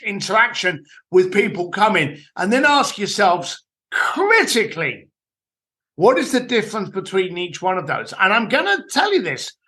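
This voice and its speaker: A man talks business on a podcast with a high, bright voice that swoops up and down. He is blunt and animated and swears freely. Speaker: guest, entrepreneur and author. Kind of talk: podcast interview, storytelling advice.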